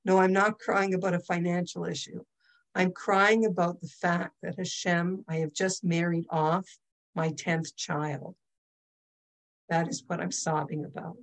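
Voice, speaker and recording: A woman voicing an older man who weeps with gratitude, speaking low, slow and hushed. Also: flat delivery, vocal fry. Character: weeping older man, grateful father of ten.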